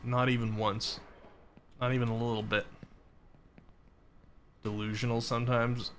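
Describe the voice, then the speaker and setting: A man from the Boston area talks easily with his viewers while he plays, reading out their messages as he goes. His voice sounds bright, and faint background noise sits under it. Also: medium pitch, measured pace. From Boston area, Massachusetts. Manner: relaxed, chatty, reads out chat messages. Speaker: streamer. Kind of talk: casual chat while playing a game.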